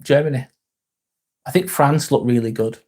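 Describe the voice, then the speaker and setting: A young English man chatting live to his viewers, halting and sincere, often trailing off and starting over. His voice sits at an ordinary middle pitch, and his talk is loose and unscripted. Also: a little mellow. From England. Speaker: livestream host. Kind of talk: casual live-stream chat, reading comments.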